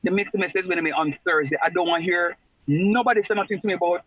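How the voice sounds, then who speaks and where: A man's voice: sits high, fairly even intonation, very fast, no room sound. A man, teaching an online class in a chatty way and repeating phrases for emphasis. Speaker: lecturer. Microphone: video call. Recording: muffled video-call audio.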